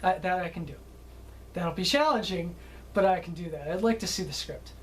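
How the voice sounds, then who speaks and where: A man's voice: high-pitched, brisk, a bit bright, a little hiss or hum, rough recording. Chatty man telling film-set stories. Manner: chatty, keeps adding "okay?", laughs at his own stories. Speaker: film director. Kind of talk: anecdotal storytelling.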